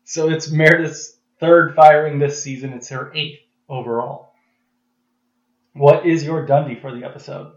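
A man co-hosting a casual podcast, relaxed and hesitant with lots of fillers. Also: on the high side, normal speed. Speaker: podcast co-host. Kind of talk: casual chat. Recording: echoey, dull lo-fi sound.

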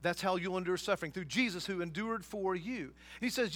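A man's voice: high voice, brisk, a bit bright, soft background music. A man preaching a sermon, emphatic, with rhetorical questions and casual asides to his congregation. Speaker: pastor.

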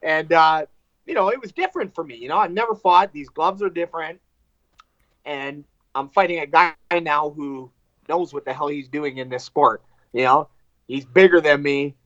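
A man, a fighter, telling a fight story in casual chat, animated and profane, acting out what people said. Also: on the high side, moderate pace, no room sound, highs cut off. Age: adult with wife and two kids. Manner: animated, profane, acts out quotes.

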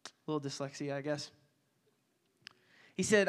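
A young man giving a casual, energetic sermon as a youth pastor, joking aside and repeating phrases. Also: high-pitched, measured pace.

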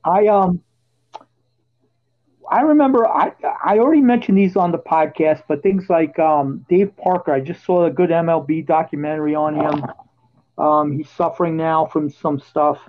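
A high-voiced man hosts a podcast in a casual storytelling chat, turning animated and loud whenever he quotes his own shouting. The audio is dull and lo-fi. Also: moderate pace. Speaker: podcast host.

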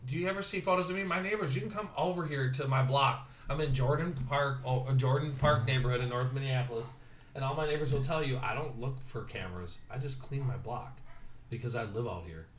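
A man from Southern California talking casually in his dining room, telling stories with lively impressions of other people. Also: mid-range voice, fairly quick, a little hiss or hum. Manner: animated storytelling, mimics other people. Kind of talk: casual conversation. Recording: roomy home dining room.

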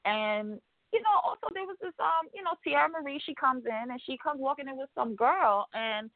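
A woman's voice: high-pitched, animated, moderate pace, dry recording. A woman co-hosting a radio show, recapping reality TV gossip in a sassy, profane, rambling way. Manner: sassy, profane, rambling storytelling with mimicked quotes. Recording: dry, phone-like narrow sound.

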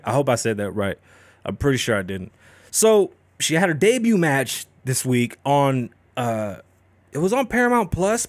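A man's voice: a little high, dry recording. A man hosting a podcast, ranting casually and profanely with lots of swearing. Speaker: podcast host. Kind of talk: casual chat.

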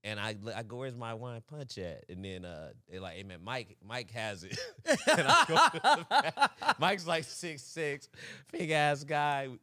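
A man's voice: medium pitch, sing-song, unhurried, hardly any pauses, sharp tone, no room sound. A young man co-hosting a podcast, telling a story in casual chat, acting out the quotes and laughing often. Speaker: podcast co-host.

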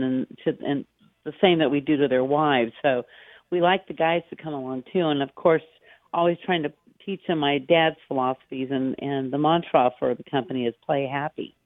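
A middle-aged American woman talks through a narrow, tinny phone line, her voice flat and dry with no room around it. She rambles warmly through stories as a guest in a casual interview, circling back on her own sentences. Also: deep voice, dry recording. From United States. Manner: chatty, anecdotal storyteller. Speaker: guest, golf professional. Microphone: phone call.

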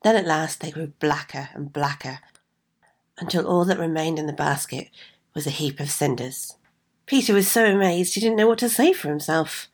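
Woman, slightly low, reads fairy tale aloud, friendly asides. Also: normal speed. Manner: chatty asides to listeners. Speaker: storyteller.

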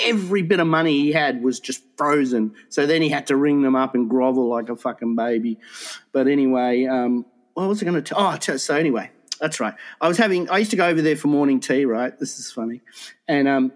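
A man telling a funny story in casual chat, swearing freely and laughing along. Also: mid-range voice. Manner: swears freely, laughs through his stories.

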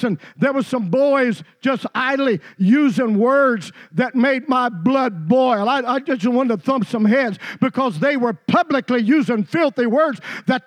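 A middle-aged male preacher delivering a sermon emphatically, dropping low to tell stories and climbing to shouts. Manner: emphatic, swinging between low storytelling and shouting.

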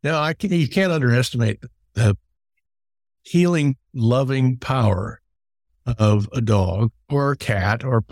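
A man's voice: mid-range voice, measured pace, darkish tone, no room sound, clean studio sound. A middle-aged man hosting an interview who tells long stories and repeats words as he starts his sentences. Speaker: podcast host. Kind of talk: conversational storytelling.

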